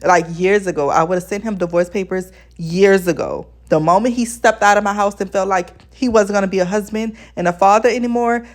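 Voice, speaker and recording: A woman's voice: mid-range voice, brisk, hardly any pauses. A woman giving blunt, exasperated casual commentary as a TV show reviewer, talking straight to her viewers. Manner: addresses viewers as besties.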